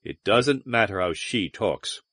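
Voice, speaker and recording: A man reads out a sardonic, haunted spacer who mocks and broods. His pitch moves widely as he talks. The recording is dry and close. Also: lively intonation, measured pace, a bit bright, no echo. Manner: mocking, sullen, then brooding and dramatic. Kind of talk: audiobook character reading.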